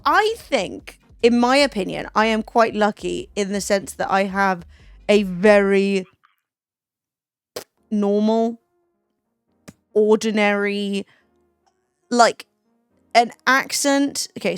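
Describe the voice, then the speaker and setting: A young woman with a Southern English accent rambles casually to her stream viewers, lacing everything with "like" and the occasional swear. Her voice sits a touch high. The mic is dry and close, with faint music playing underneath. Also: clean tone, no echo. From England. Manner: chatty and rambling, lots of "like" and swearing. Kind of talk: casual chat.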